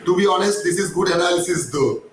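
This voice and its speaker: A man hosting a casual live stream, his voice strained and croaking as he chats and reads out viewer comments. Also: sits high, fast, heavy reverb, distant mic, slight background noise, low-quality recording. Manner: chatty, reads viewer comments, many fillers and restarts.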